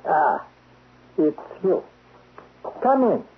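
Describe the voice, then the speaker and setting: A man's voice: on the high side, huge pitch swings, extremely slow, slight background noise, full character voice. A man playing a stern foreign spy chief in a 1970s radio drama, clipped and formal. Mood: menacing. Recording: old radio broadcast, phone-like band.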